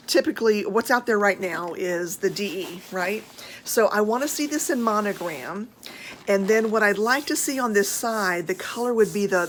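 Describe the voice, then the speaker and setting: A woman with an American accent talks in an easy, gushing way, full of fillers and enthusiasm. Her voice sits in a middle pitch. A faint background hiss runs under the recording. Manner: chatty and gushing, with frequent fillers. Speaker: handbag vlogger. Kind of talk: casual show-and-tell chat.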